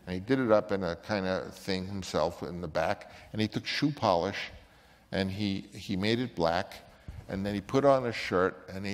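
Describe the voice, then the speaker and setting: An older man, a filmmaker, telling an animated story in an interview and acting out the people in it. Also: low-pitched, normal speed. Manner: animated storyteller who acts out other people's voices. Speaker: filmmaker recalling a casting story. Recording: long reverb.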